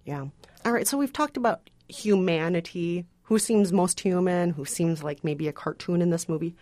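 A woman's voice: lowish voice, normal speed, warm tone, no echo. Frank, playful woman film critic. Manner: frank, playful, laughs easily. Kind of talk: casual podcast chat.

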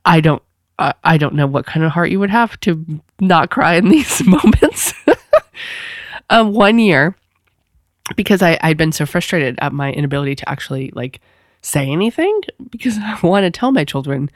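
A woman's voice: normal speed, no echo. Woman host, 30s, casual chatty monologue, laughs a lot, dry close sound. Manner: animated, laughing, swoops into high squeals. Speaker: podcast host.

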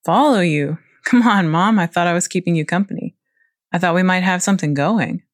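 A woman's voice: on the low side, brisk, no room sound, clean studio sound, natural voice. A woman voicing a cocky young hippie man who talks in casual slang and turns defensive.

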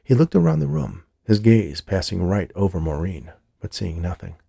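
A man narrating an audiobook in a measured storytelling manner, close to the mic. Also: low voice, very animated, vocal fry, dark tone, husky, dry recording. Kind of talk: scripted narration.

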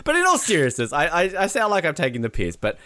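Lively man hosting a podcast. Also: fairly high pitch, fast talker, no room sound, clean studio sound. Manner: jokey, laughing, animated. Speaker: podcast host. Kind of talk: casual podcast banter.

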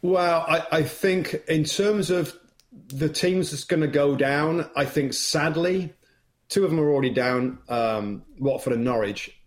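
An Englishman who works as a football broadcaster, a guest on the show, talking in a lively, upbeat way. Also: on the high side, measured pace. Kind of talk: casual interview chat.

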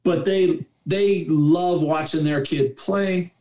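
A man's voice: a little high, fairly even intonation, takes it slowly, mellow. A man who coaches youth football, chatting on a podcast panel and telling a story with heartfelt emphasis. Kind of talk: casual roundtable chat.

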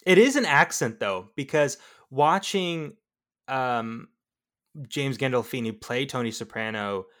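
A man's voice: mid-range voice, a bit bright. A man co-hosting a film review podcast, chatting casually and teasing the others. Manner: playful, teasing. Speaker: podcast co-host. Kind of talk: casual chat.

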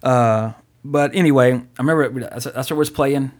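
A man's voice: mid-range voice, normal speed. A man co-hosting a podcast, telling rambling stories full of fillers and swearing. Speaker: podcast co-host. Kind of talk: casual chat.

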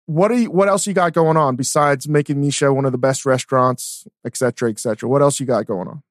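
A man hosting a podcast interview, talking in an excited, casual way with many restarts. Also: medium pitch, fast, no echo, studio quality. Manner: enthusiastic, stammers on restarts. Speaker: podcast host.

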